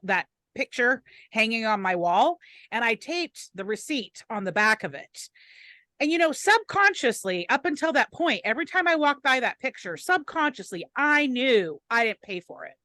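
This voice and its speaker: A woman guest on a chat podcast, candidly telling animated stories from her life. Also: on the high side, moderate pace, dry recording. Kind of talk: casual chat.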